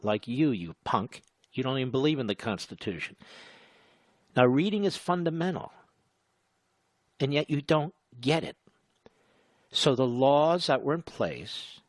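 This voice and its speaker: A man's voice: medium pitch, dry recording. A middle-aged man hosts a talk radio show with a combative, sarcastic edge. He drags his words out to make a point and jeers at his targets. The studio sound is close and dry. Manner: sarcastic, mocking, slows to spell things out. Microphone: studio microphone.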